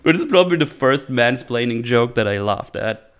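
A podcast host gives a casual solo recap of a movie, rambling, laughing often and restarting many times. His mid-range voice is animated and a bit bright, with a clean tone at a moderate pace.

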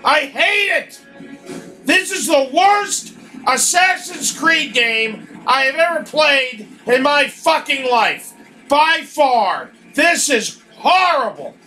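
A young man commenting on his own gameplay, frustrated and swearing with shouted outbursts. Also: extremely high pitch, lively intonation, takes it slowly, soft background music. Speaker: gaming video host. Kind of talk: angry let's play commentary.

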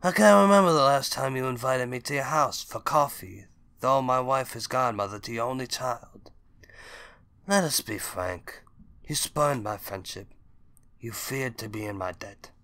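A man reading an audiobook, voicing a proud older crime boss who speaks gravely, with a raised, forceful delivery. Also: mid-range voice, measured pace. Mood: cold.

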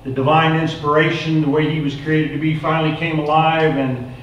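A man telling a folksy parable as part of a sermon, in an animated, casual way. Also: fairly high pitch, brisk, lo-fi sound, slight background noise. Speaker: preacher. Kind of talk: sermon storytelling. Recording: echoey room, mic far off.

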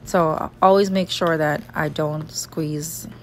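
Speaking slowly in a deep voice, this vlogger in her thirties walks through her morning routine at home in the kitchen. She has a Jamaican accent and a relaxed, chatty manner, going step by step, and there's some slight hiss or hum.

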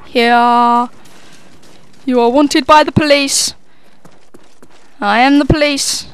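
A woman's voice: high voice, steady tone, slow, clear, resonant tone, no echo. A young woman giving live gameplay commentary, swearing freely and mocking herself as she plays. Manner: sweary, self-mocking running banter. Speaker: gamer commentator.

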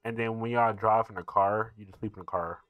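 A man hosting a reaction video, giving casual, profane commentary full of laughs and excited asides. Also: on the low side, fairly quick, dry recording, narrow, tinny audio.

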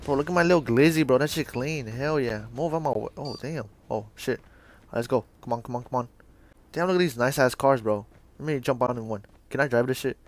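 A man's voice: medium pitch, brisk. A young adult man giving casual, joking, profane commentary while playing a shooter game. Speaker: gamer.

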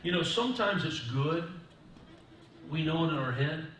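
A man's voice: on the high side, normal speed, slight background noise. Man preaching in a very echoey hall. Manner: builds from quiet talk to loud preaching. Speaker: pastor. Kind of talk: sermon. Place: church sanctuary. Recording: distant mic in echoey church hall.

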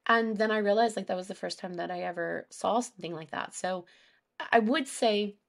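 A woman speaking as a guest on a casual podcast, recounting her experiences openly with plenty of fillers. Her voice has a gravelly, fry-tinged edge at a middling pitch. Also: moderate pace. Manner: candid, storytelling, many fillers. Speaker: guest animal behaviorist.

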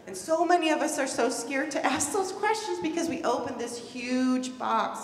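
A woman's voice: sits high, big pitch swings, normal speed, hardly any pauses. A woman giving an earnest, emphatic conference talk, stressing and repeating key words. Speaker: presenter at a conference. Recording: echoey hall, far from the mic, faint hum.

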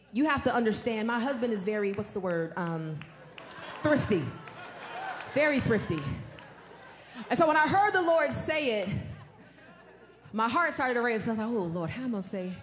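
A woman preaches in a high voice, folksy and direct with the crowd. She drops to hushed tones and rises to shouts. The sound carries a roomy echo. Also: animated, normal speed, pauses often, slight background noise. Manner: folksy, addresses the audience as y'all, swings from hushed to shouting. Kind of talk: sermon with storytelling.

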